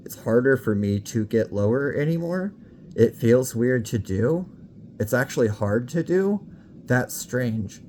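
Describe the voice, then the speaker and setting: A woman's voice: rumbling low, expressive, normal speed, a little mellow, slight background noise. A woman talking casually to camera for her vlog, frank and candid, swearing freely and a little out of breath. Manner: slightly out of breath. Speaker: vlogger.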